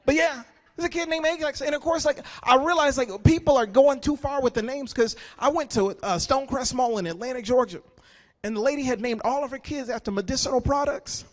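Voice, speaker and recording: A man in his forties performing stand-up comedy, telling animated stories and acting out characters. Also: very high-pitched, a little fast.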